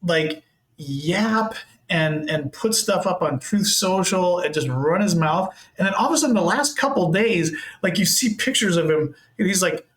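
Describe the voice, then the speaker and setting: Animated man on a chat show. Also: high voice, moderate pace. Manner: animated, with stammered restarts. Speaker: podcast co-host. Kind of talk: casual political chat.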